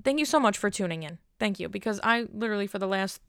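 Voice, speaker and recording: Chatty young woman with a gravelly voice. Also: mid-range voice, animated, quick pace, dry recording, clean studio sound. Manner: rambling, self-deprecating, chatty. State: cold, stuttering a little. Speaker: podcast host. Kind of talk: casual solo podcast chat.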